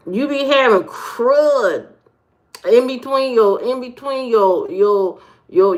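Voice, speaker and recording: Woman livestreamer, slow comic rants, somewhat high voice. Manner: comic rants, greets viewers by name, repeats words. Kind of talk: casual livestream chat.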